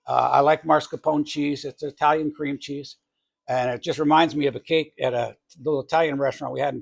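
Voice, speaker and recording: Creaky and husky but on the high side, this man's voice belongs to a middle-aged New Englander with a New England accent who hosts a home baking channel. Demonstrating a cake recipe in his own kitchen, he rambles, corrects himself and drifts into chatty asides.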